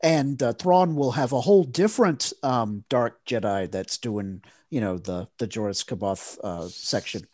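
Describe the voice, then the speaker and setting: A man co-hosting a podcast, talking in a rambling, animated way with many fillers. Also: mid-range voice, a little slow, few pauses, no room sound, studio quality. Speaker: podcast co-host. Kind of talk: casual chat.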